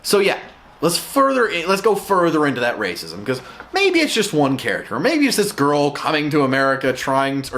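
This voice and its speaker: A man's voice: medium pitch, fairly bright tone, slight background noise. Exasperated man ranting in a review. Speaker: show reviewer.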